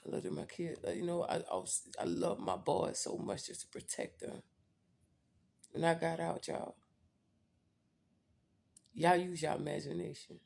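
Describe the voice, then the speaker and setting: A woman's voice: low-pitched, big pitch swings, measured pace, creaky, long pauses, a little mellow. A woman vlogger telling a personal story in a blunt, profane, candid way, talking straight to her viewers.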